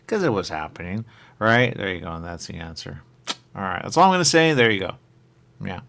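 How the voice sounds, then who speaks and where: A man's voice: sits low, very animated, fairly quick, creaky, a bit bright. A man hosting a radio show, rambling in casual chat, trailing off and coming back to the same stock phrases. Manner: rambling, trails off, repeats "there you go".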